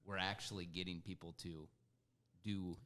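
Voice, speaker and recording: Low male voice for a podcast co-host; upbeat, casual chat. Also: steady tone, moderate pace, bright, forceful tone. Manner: upbeat, pitching ideas.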